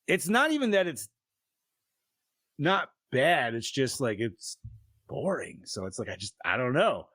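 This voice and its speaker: Animated, profane young man hosting. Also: medium pitch, unhurried, long pauses, no echo. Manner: laid-back, profane, animated. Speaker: podcast host. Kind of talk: casual chat.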